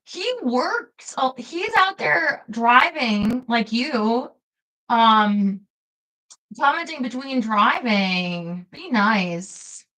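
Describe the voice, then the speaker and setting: A woman's voice: on the high side, lively intonation, very slow, sharp tone, rough recording. A young woman streaming live, chatting casually with her viewers, laughing often and reading out their comments. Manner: chatty, giggly, reads chat aloud.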